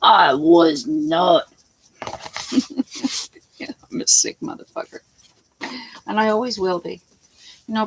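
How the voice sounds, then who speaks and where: A woman with a fairly high-pitched voice rambles casually to the camera from her home, chatting bluntly, swearing freely and skipping from one topic to another. It's a low-quality recording.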